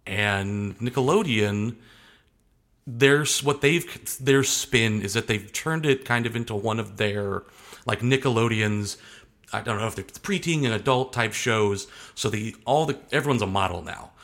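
A man's voice: on the low side, a little slow, a bit bright. A young adult man talking casually as an interview guest, rambling and hesitant, often restarting his sentences.

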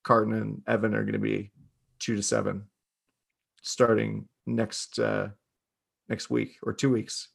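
A man with a gravelly, creaky voice co-hosts a casual podcast. He talks in a laid-back way, tossing in dry asides. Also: lowish voice, level tone, measured pace, long pauses. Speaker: podcast co-host.

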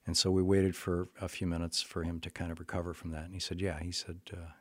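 An older man, a therapist, telling a story in a halting conversational way, with many restarts and fillers. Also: low-pitched, little pitch movement, dry recording.

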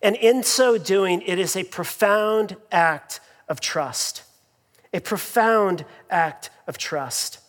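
Male pastor with a high voice, preaching conversationally with fillers and repeats, long hall reverb. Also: slow pace, a bit bright. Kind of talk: sermon.

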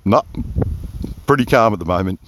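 Man, lowish voice, chatty rambling diary, phone-close outdoor sound. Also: animated, moderate pace, a little hiss or hum. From Perth, Australia. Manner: rambling, easily sidetracked, chatty asides. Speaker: audio diarist. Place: outdoors under a big tree, windy. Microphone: phone resting close on his face.

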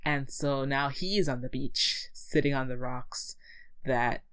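Low-voiced woman recapping a film. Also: steady tone, unhurried, a bit bright, clean tone, rough recording. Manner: chatty, wry, laughing asides. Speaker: podcast co-host. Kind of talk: casual chat, movie recap.

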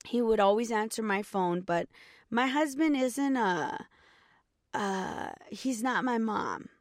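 A woman's voice: on the high side, animated, takes it slowly, dry recording. Young woman, vlogger, candid personal storytelling, chatty, talks to viewers directly, dry close sound.

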